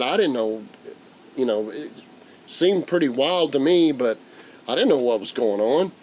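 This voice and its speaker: Animated man telling a story. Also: mid-range voice, unhurried, slight background noise. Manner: animated, acts out quoted voices. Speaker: channel host. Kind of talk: casual storytelling on a livestream.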